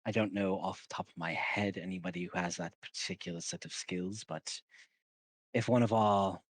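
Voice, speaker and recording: A man voicing a weary male leader who talks in a measured, patient way. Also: deep voice, steady tone, no room sound.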